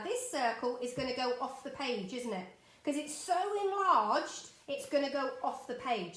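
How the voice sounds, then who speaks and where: A middle-aged woman leads a live drawing lesson from her home studio, bright and high-pitched, chatting and encouraging her viewers as she works. Her voice rings in a roomy, echoey space. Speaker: art teacher.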